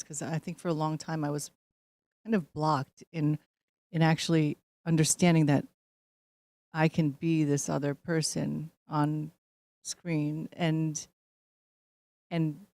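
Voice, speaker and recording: A woman's voice: deep voice, a little mellow, dry recording. A woman actress being interviewed, chatting casually with frequent laughs and fillers. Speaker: actress guest.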